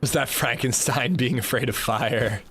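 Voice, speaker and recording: A man's voice: mid-range voice, normal speed, fairly bright tone, slight background noise. A man livestreaming a game, chatting casually in a rambling way, swearing freely and saying "like" a lot. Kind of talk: casual gameplay commentary.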